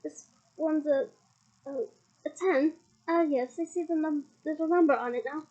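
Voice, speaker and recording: A woman's voice: high voice, moderate pace, close to an everyday voice, low-quality recording. A woman voicing a cheerful, easily flustered middle-aged male wizard in a storybook reading. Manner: bright but flustered.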